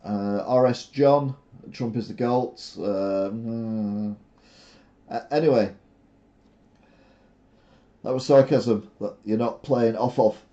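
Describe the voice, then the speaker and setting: A man's voice: mid-range voice, slow, pauses often, dark tone. An older man hosting a live stream in a casual, sarcastic, rambling way, full of fillers. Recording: dull lo-fi stream audio.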